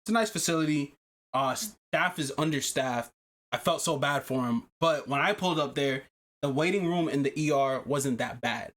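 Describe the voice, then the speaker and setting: A man's voice: mid-range voice, normal speed, a bit bright. A man hosting a casual podcast, telling a story with lots of swearing and laughing as he goes. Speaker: podcast host.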